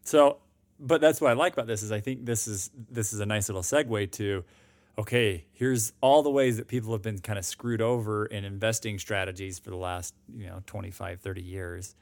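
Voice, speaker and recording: A man's voice: on the low side, fairly quick, dry recording. A man co-hosting a finance podcast in casual chat, rambling with restarts and emphatic asides. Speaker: podcast co-host. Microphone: new microphone.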